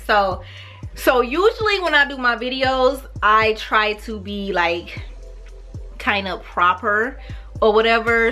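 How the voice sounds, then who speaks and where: Bright-voiced woman with a St. Louis accent. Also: a little high. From St. Louis, USA. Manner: relaxed, slangy, animated with laughs. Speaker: YouTuber. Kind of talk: casual vlog, talking to camera.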